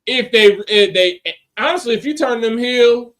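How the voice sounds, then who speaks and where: A man co-hosting a casual wrestling podcast, talking in a slangy, animated way and acting out quotes. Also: very high-pitched, moderate pace. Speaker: podcast co-host.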